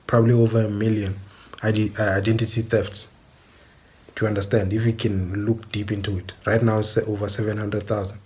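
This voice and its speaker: Low, flat-voiced man. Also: a little fast. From South Africa. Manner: insistent, often repeats "do you understand?". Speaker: commentator. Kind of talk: opinionated monologue.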